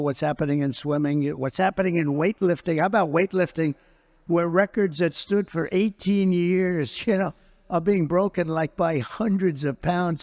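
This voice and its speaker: A man with a fairly high speaking voice talks in an unscripted interview. He hammers his points and keeps repeating phrases. He speaks as a politician answering a host's questions. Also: a little mellow. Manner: emphatic and repetitive, circles back to phrases.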